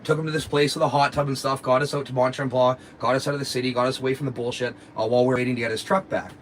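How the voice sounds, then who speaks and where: A man talks casually to his stream audience. His voice sits in an ordinary middle pitch. He rambles, swears freely and sounds wronged. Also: steady tone, very fast, slight background noise, low-quality recording. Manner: profane, rambling, aggrieved. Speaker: live streamer. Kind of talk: casual storytelling to viewers.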